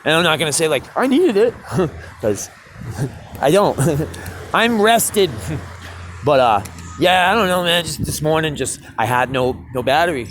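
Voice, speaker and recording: A man's voice: a little high, expressive, unhurried, long pauses, a bit bright, a little hiss or hum. A man, a street musician, telling a rambling story in casual chat, swearing and laughing often.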